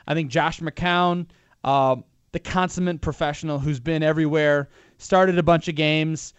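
A sports radio co-host talks football in a rambling, opinionated way, restarting his sentences often. His voice sits on the high side with fairly even intonation and a normal pace, and the tone is clean on a dry recording.

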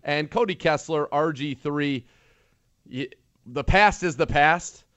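A man's voice: on the high side, slow, a bit bright, no echo. A man hosting a sports talk show, chatting in an upbeat, jokey way and leading into breaks. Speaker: sports radio host.

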